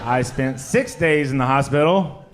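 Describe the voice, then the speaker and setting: A stand-up comic with a mid-range voice delivers his set at a measured pace on a comedy club stage, drawing laughs from the audience. He shares crude, self-mocking confessions and asks the crowd direct questions.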